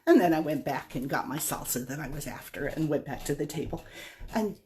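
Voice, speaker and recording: A woman's voice: deep voice, expressive, fairly quick, a little mellow, a little hiss or hum. Chatty woman telling a rambling story. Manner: chatty, rambling, self-deprecating. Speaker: vlogger. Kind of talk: casual storytelling monologue.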